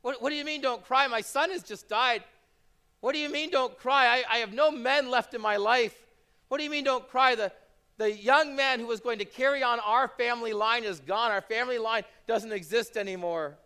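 A woman's voice: a little high, normal speed, sharp tone, clear, resonant tone, voice pushed up. A man voicing a grieving widowed mother who pleads in anguish, repeating her questions.

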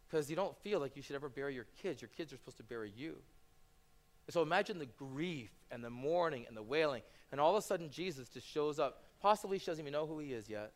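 A man's voice: a little high, animated, fast. A man in his thirties preaching a sermon, telling stories earnestly and building into impassioned preaching. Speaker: pastor.

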